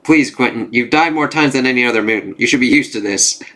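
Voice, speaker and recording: A man voicing a calm, firm male commander giving orders to his team. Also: medium pitch, fast talker, lightly acted.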